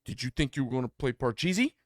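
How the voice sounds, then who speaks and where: A man's voice: medium pitch, animated, quick pace, no room sound, clean studio sound. A man co-hosting a casual podcast, telling a personal story bluntly and acting out the quoted dialogue. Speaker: podcast co-host.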